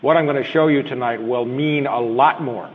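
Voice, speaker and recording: A man's voice: medium pitch, moderate pace. A middle-aged man giving a live lecture to an audience. He speaks bluntly and conversationally and often puts rhetorical questions to the listeners. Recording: echoey hall, thin phone-like sound.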